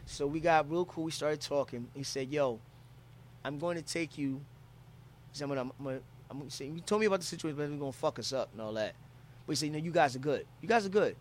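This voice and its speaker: A man's voice: fairly high pitch, quick pace, a little hiss or hum. A man from Philadelphia telling a travel story in casual, profane talk, acting out quotes from people he met.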